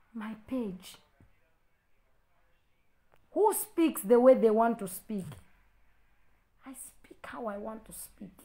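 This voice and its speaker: A woman's voice: on the high side, dark tone. Scolding woman pastor with an African accent. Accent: African English. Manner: confrontational, scolding with rhetorical questions. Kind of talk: preaching to a live stream.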